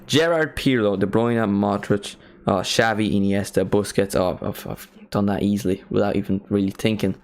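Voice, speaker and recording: A young man casually commentating a live football watchalong, chatting and bursting into excited reactions. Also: lowish voice, normal speed, creaky, hardly any pauses. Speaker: streamer hosting a match watchalong.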